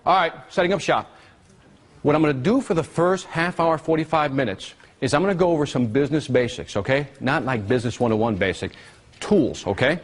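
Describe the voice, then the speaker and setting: A male workshop presenter teaching a live seminar, energetic and constantly quizzing his audience with questions. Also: fairly high pitch, a little fast.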